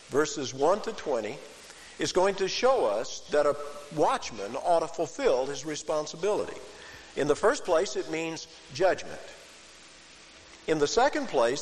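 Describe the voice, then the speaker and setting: A man preaching an expository sermon, emphatic and pressing, jumping up in pitch on key words. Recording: hall reverb with faint hiss.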